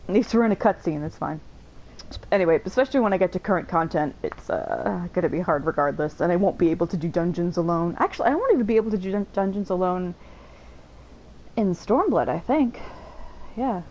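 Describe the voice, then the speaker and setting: A woman's voice: on the low side, lively intonation, fairly quick, darkish tone, poor audio. A woman giving casual let's-play commentary, chatty, swearing casually and laughing often. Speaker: game streamer. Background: faint game music.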